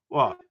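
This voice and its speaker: A middle-aged man hosting a live stream, chatting casually with viewers, swearing a lot and laughing often. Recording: dull lo-fi sound.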